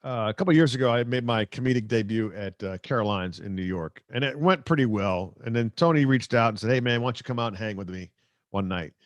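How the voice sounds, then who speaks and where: A middle-aged man chats on a live stream in a loose, rambling way, joking and poking fun at himself. His voice sits at an ordinary pitch, close to the microphone in a dry, dead room. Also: fast, no echo. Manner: rambling, joking, self-mocking. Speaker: sportscaster hosting a live stream. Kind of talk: casual live-stream chat reading viewer comments.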